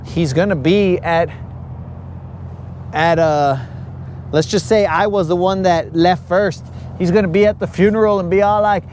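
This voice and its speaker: A man with a high-pitched voice hosts a live fishing stream from outdoors on a lake. He chats in a slangy, teasing, joking way. A faint outdoor hum sits behind him. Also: normal speed, darkish tone. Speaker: fishing livestream host. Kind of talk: casual chat.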